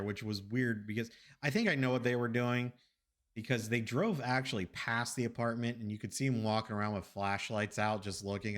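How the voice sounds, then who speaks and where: A man streaming from his apartment, telling a long anecdote in a rambling, animated way with restarts and casual swearing. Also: fairly low pitch. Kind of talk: casual storytelling chat. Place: home apartment.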